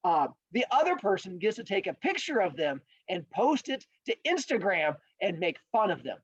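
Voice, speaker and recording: A man's voice: high-pitched, sing-song, moderate pace, breathy edge, no room sound, full character voice. A man playing a nerdy, methodical turtle in a spoken classroom fable, voice lifted and prim. He speaks with a challenging edge, in a dull, dry recording. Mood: indignant. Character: methodical male turtle on the chess team.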